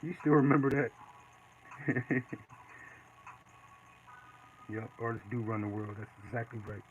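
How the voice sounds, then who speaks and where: A man casually chatting while he draws live, reading and answering viewer comments in a relaxed way. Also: mid-range voice, unhurried. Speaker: artist streaming live. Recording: dull lo-fi with faint noise.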